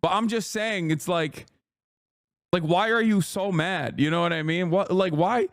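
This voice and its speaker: High-pitched man ranting on a stream. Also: a little slow, gravelly, no room sound, clean studio sound. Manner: animated, profane, mocking rant with frequent laughs. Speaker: streamer reacting to videos. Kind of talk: casual livestream reaction commentary.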